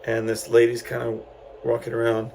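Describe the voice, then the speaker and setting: A middle-aged man from San Antonio hosts his own podcast, telling a story in a casual, meandering way with lots of fillers. His voice has a heavy gravelly fry at a middling pitch. A faint background hiss sits under him. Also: monotone, moderate pace, darkish tone, poor audio. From San Antonio, Texas. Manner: rambling, loose, many fillers and restarts. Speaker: podcast host.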